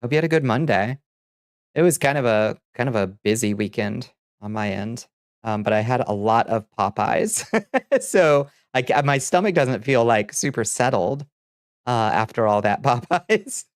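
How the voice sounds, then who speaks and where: Chatting with viewers and reading their messages aloud, this Southern US VTuber host sounds congested, as if his nose is blocked, and laughs frequently, often trailing off and starting over. The middling-pitched voice is smooth at a normal speed, captured close and dry on a home desk mic without echo.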